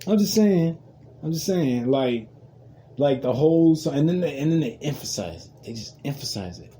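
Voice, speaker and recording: A man's voice: on the high side, animated, moderate pace, warm tone, a little hiss or hum. A man riffing alone on his podcast, rambling, repeating himself, laughing often and cursing freely. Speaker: podcast host. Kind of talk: casual podcast monologue.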